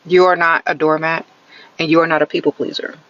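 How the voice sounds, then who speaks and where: A woman's voice: low-pitched, little pitch movement, a little fast, a bit bright, highs cut off. A woman giving blunt, sassy dating advice on a live stream from inside her car, often ending her points with a teasing "okay?". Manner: sarcastic, teasing catchphrase "sprinkle, sprinkle". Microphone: phone held close.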